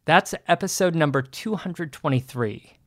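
A man's voice: on the high side, expressive, moderate pace, no room sound, studio quality. A man co-hosting a history podcast, chatting eagerly and bantering with his partner. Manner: upbeat, eager, friendly banter. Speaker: podcast co-host. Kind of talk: casual podcast chat.

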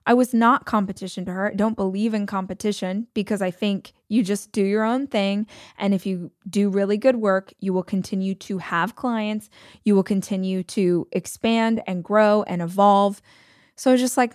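A woman hosting a podcast, telling a personal story in a candid, animated, conversational way. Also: mid-range voice, moderate pace, dry recording, clean studio sound. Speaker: podcast host.

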